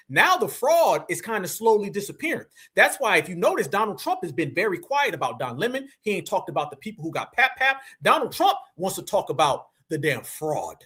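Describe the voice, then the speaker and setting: A man hosting a reaction commentary, slangy and animated, talking straight to his viewers as family. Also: sits high, breathy edge. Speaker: commentary channel host.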